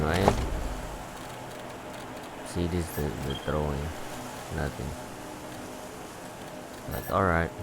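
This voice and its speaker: A man's voice: deep voice, low-quality recording. A man giving laid-back, rambling gameplay commentary, swearing freely as he plays. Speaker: gameplay streamer.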